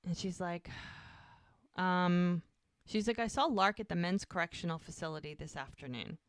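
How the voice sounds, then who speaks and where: A woman's voice: on the low side, lively intonation, fairly quick, dry recording, studio quality. A woman co-hosting a podcast, casually recapping a scene and acting out the characters' lines. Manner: retells scenes, acting out dialogue. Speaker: podcast co-host.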